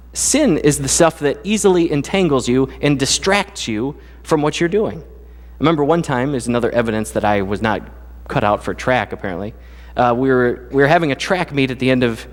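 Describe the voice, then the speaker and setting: A man's voice: mid-range voice, moderate pace, big-room sound. A man preaching a casual, conversational sermon as the pastor, telling jokey stories from his life. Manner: casual, joking storyteller. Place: church sanctuary.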